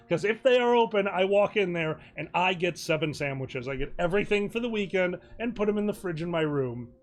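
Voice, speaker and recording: A man on a charity stream telling a convention story in casual chat, animated and laughing through his story. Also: high-pitched.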